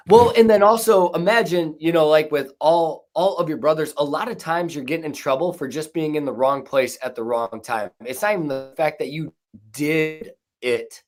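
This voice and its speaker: A man's voice: on the high side, normal speed, a little mellow. A young man guest talking casually, rambling with lots of fillers and a slight stutter. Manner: stutters at times. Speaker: podcast guest. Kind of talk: casual conversation.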